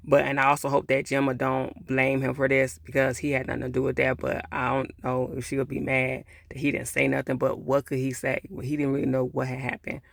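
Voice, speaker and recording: A man's voice: medium pitch, completely flat delivery, a little fast, gravelly, hardly any pauses, a bit bright, dry recording, clean studio sound. A man giving a casual, rambling recap of a TV episode, acting out the characters' lines and dropping fillers like "or whatever.". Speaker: TV reviewer.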